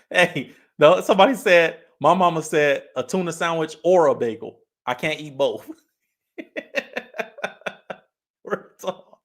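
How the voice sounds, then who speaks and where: Male streamer from California, easygoing chat delivery, frequent laughs, reads comments aloud. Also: fairly high pitch. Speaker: livestream host. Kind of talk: casual livestream chat.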